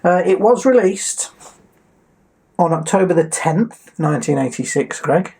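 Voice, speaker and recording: A man's voice: sits high, expressive, measured pace, darkish tone, husky. A man co-hosting a casual entertainment chat show, reading out film facts with frequent ums. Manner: chatty, reads facts with filler ums. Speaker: co-host.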